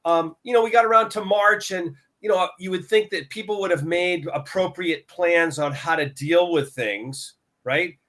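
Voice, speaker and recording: A man's voice: sits high, moderate pace, fairly bright tone. A man on a market discussion panel, talking casually and retelling his conversations with suppliers in quoted dialogue. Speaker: lumber buyer on a market talk show.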